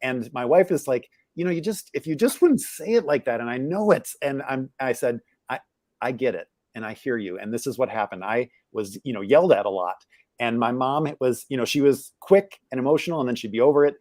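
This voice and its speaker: A man's voice: medium pitch, a little fast, darkish tone, no echo, studio quality. A middle-aged man as a guest on a live interview, reflecting candidly on his upbringing, searching for words as he goes. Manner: candid, searching, many restarts and fillers. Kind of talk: reflective personal storytelling.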